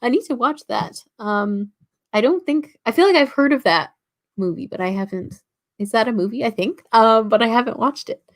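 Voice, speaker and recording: A woman's voice: on the high side, normal speed. Young Canadian woman chatting on a livestream. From Toronto, Canada. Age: about 19. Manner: chatty, many fillers and likes, reads chat comments aloud. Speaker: writing livestream host. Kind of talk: casual livestream chat reading comments.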